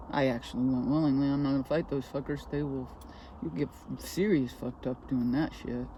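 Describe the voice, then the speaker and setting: A woman's voice: low-pitched, mellow, slight background noise. A woman ranting into her own vlog, swearing constantly and sounding agitated, talking from inside a car. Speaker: vlogger. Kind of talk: casual vlog rant.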